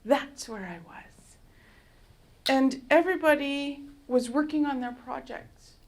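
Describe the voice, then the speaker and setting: A woman artist from Canada giving a public talk in a university lecture hall, telling stories in a lively, storytelling way and often laughing. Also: sits high, slow pace. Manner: animated storyteller who laughs often and acts out dialogue.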